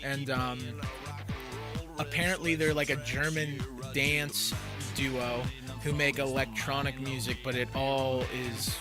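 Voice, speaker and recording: A man co-hosting a casual music podcast, animated and acting out quotes in silly voices. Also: medium pitch, slow pace. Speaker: podcast co-host.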